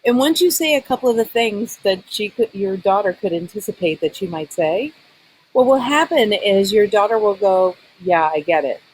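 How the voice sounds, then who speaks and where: A woman's voice: medium pitch, lively intonation, moderate pace, a little mellow, breathy edge, low-quality recording. A woman talk-show coach, earnestly guiding a caller and acting out example lines. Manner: earnest, role-plays apologies to demonstrate. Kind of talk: coaching conversation.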